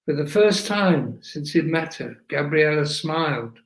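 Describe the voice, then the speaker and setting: A man narrating a story aloud in a slow, deliberate reading style. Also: on the high side, animated, gravelly. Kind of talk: audiobook reading. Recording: echoey room.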